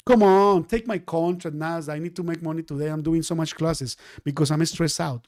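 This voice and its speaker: Give me an excitable man with a high voice, recorded dry and close, teaching trading and repeating himself. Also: normal speed, no room sound. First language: Spanish. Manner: excitable, repeats phrases over and over. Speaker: trading instructor. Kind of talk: live trading lesson.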